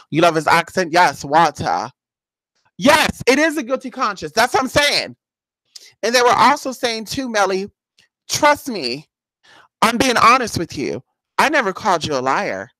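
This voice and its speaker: A woman's voice: lowish voice, a bit bright, no echo. A woman who does paid spiritual casework, chatting bluntly and sassily with viewers on a live stream and calling them honey.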